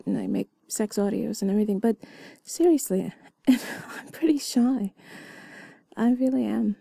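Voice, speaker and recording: Whispering woman in a gravelly, breathy whispered role-play. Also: a little high, mellow, dry recording, clean studio sound. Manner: intimate, giggly and self-deprecating, mostly whispered. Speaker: audio role-play creator.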